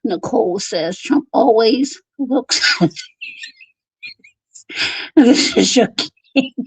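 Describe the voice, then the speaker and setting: A woman's voice: a little high, animated, slow pace, husky, no room sound, poor audio. A woman hosting a casual livestream, laughing often as she reads viewer comments aloud. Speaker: livestream host.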